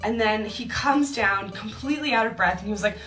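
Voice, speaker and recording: A woman's voice: mid-range voice, a little fast, pushed and bright, roomy sound. A young woman telling a personal story in a chatty way, laughing often and acting out her own thoughts. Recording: distant mic with faint music.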